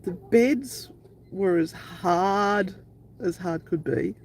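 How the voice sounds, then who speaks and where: A woman's voice: on the low side, drawn-out words, a little mellow, a little hiss or hum, rough recording. A woman co-hosting a live stream, telling a long travel anecdote in a chatty, rambling way. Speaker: paranormal channel co-host. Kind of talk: casual live-stream storytelling.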